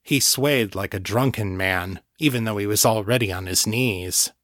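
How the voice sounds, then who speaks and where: Steady male audiobook narrator, dry sound. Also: fairly low pitch, no room sound. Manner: steady, measured reading. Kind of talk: scripted narration.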